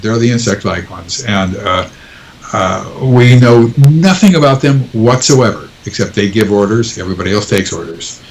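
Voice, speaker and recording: A man's voice: fairly low pitch, expressive, moderate pace, slight background noise, low-quality recording. A man answering interview questions in casual talk, hesitant, with many ums and restarts. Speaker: guest author.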